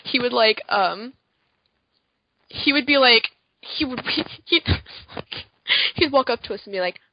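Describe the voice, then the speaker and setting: A woman co-hosting a podcast in casual chat, rambling with lots of fillers and quick asides. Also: on the high side, animated, dull audio, slight background noise. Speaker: podcast co-host.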